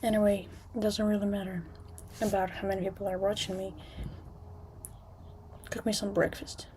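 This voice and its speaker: A young woman livestreaming from a room at home, chatting casually with viewers in a halting way with many restarts, now and then dropping to a whisper. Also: medium pitch, little pitch movement, a little hiss or hum. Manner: halting, restarts often, soft at times.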